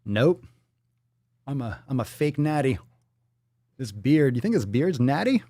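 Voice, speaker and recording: A man's voice: medium pitch, very animated, measured pace, dark tone, dry recording. A man hosting a livestream, reading out viewer donations and messages in casual, profane chat full of jokes and riffs. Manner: joking, profane and riffing off-the-cuff. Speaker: livestream host.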